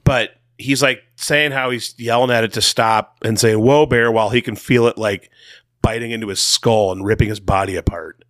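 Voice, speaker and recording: A man's voice: fairly low pitch, fairly even intonation, normal speed, fairly bright tone, no echo, clean studio sound. A man co-hosting a casual podcast, talking in a laid-back way and telling stories with playful asides. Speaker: podcast co-host.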